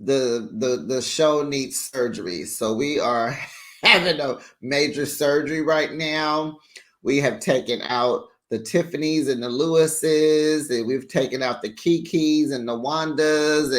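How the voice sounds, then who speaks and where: A chatty recap host sits down with viewers to talk over a reality TV episode. The voice sits at a middling pitch but swings up playfully when reacting, and every opinion comes out frank and friendly. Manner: talks straight to viewers as "besties".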